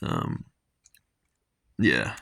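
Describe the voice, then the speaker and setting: A man's voice: very slow, pushed and bright. A man casually reviewing a comic page by page, rambling with lots of fillers and reading dialogue aloud.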